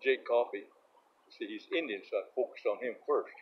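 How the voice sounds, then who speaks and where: A man's voice: medium pitch, a little fast. An older man from Northern California, a tribal chairman, telling his life story in a plain-spoken, repetitive, colloquial way. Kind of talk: casual storytelling. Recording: dull lo-fi recording with loud background noise.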